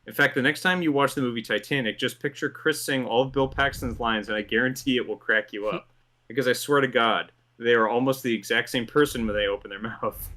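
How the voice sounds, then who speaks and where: Man, host, scripted commentary, amused, laughs often, bright voice, middle pitch. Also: fairly even intonation, brisk. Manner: amused, laughs through his lines.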